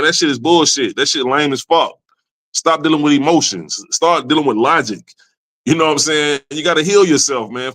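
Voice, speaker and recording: Bright-voiced profane podcast host man. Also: fairly high pitch. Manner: profane, preachy street talk, ends lines with "man". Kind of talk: casual podcast chat.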